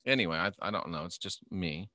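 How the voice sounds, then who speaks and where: A man's voice: deep voice, brisk, sharp tone, no room sound, studio quality. A middle-aged man hosting a casual live stream, reading viewer questions and rambling in an offhand, joking way. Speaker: livestream host reading viewer comments.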